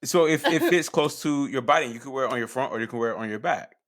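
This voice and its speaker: A man's voice: mid-range voice, fast talker, fairly bright tone. A man co-hosting a podcast, rambling and defending his point in casual banter. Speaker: podcast co-host.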